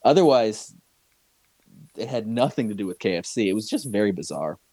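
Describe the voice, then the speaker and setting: A man's voice: fairly low pitch, lively intonation, fairly quick, dark tone, dry recording. A man chatting casually on a podcast, rambling and hesitant with many fillers. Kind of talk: casual chat.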